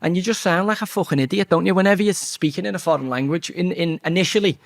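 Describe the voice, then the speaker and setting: A man's voice: sits high, fast talker, vocal fry. Swearing Scouse man telling stories. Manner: swears freely, lively anecdotes with acted-out quotes. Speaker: interview guest, former footballer. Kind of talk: casual storytelling interview.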